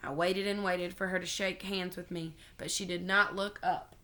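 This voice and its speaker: A woman reading a children's chapter book aloud in an expressive, animated way. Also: lowish voice, moderate pace. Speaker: storybook reader.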